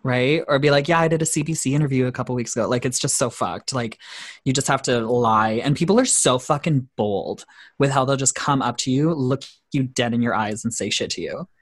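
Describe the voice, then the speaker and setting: A man from Canada chatting as an interview guest. He is blunt and casual, swearing freely while telling quick stories. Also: medium pitch. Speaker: drag performer guest.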